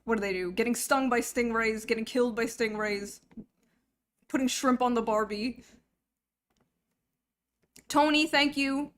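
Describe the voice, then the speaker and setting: A woman's voice: fairly high pitch, measured pace, pauses often, a bit bright. A young woman hosting a livestream in casual chat, joking crudely and swearing freely. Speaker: livestream host.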